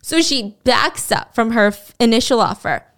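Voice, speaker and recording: A woman hosting a podcast, telling a story in a casual, animated and indignant way. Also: a little high, normal speed. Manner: animated, indignant, acts out quotes. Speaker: podcast host.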